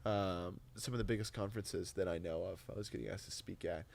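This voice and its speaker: A young man, a Christian influencer guesting on a podcast, telling stories in an animated way and dropping to a whisper for quotes. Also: deep voice, brisk, creaky. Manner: animated storyteller, drops to a whisper when quoting. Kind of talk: casual chat.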